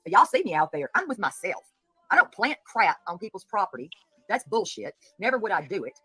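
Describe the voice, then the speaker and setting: A woman's voice: medium pitch, sing-song, brisk, fairly bright tone, slightly rough, no echo, faint music behind, poor audio. A woman hosting a casual livestream, greeting viewers by name and speaking bluntly and indignantly. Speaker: host of a livestream commentary show.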